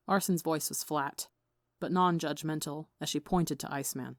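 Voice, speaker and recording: A woman narrating a fan fiction story in an even, measured way. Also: sits low, no echo, clean studio sound. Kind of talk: audiobook reading of fan fiction.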